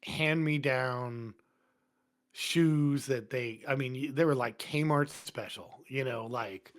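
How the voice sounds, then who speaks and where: Slow and medium-pitched, this man is a firefighter guesting on a podcast in the studio. His long, casual stories are blunt and full of swearing, and he does the voices of the people involved with plenty of animation.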